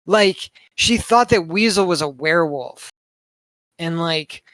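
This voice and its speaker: A man's voice: on the high side, expressive, slow pace, a bit bright, dry recording. A man co-hosting a podcast, chatting casually and rambling with lots of fillers and swearing. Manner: rambling, heavy on filler words, swears a lot. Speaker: podcast co-host reviewing a movie. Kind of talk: casual chat.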